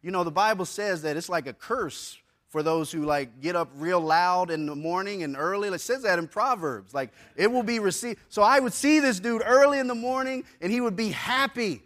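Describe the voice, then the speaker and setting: A man preaching a sermon to a church congregation in a conversational way, using casual slang and swinging between soft and loud passages. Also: high-pitched, normal speed, hardly any pauses. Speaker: pastor. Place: church service before a congregation.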